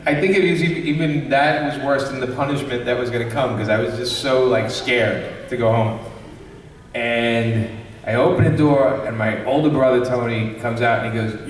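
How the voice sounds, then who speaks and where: A man from Brooklyn, a comics creator hosting a convention panel, tells a funny story in a loose, animated way and acts out the voices of the people in it, laughing often. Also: medium pitch, normal speed, slight background noise. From Brooklyn, New York. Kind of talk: casual storytelling to a live audience. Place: large convention panel room. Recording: echoey hall, distant mic.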